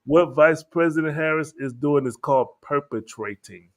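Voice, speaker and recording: A man's voice: fairly high pitch, normal speed. A man hosting a heated casual debate, emphatic and storytelling as he asks for the floor.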